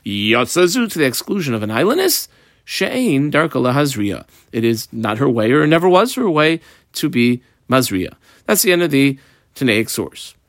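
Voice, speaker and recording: A man teaching a Talmud page line by line, in a lively, sing-song study cadence. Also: medium pitch, normal speed, no room sound, studio quality. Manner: explains line by line, mixing Hebrew and Aramaic terms. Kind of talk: Talmud lesson walkthrough.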